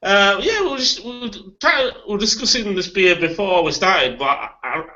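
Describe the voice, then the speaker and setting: A man's voice: sits high, expressive, normal speed, sharp tone, lo-fi sound. A man hosting a casual beer tasting chat, rambling and laughing often. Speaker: beer review host.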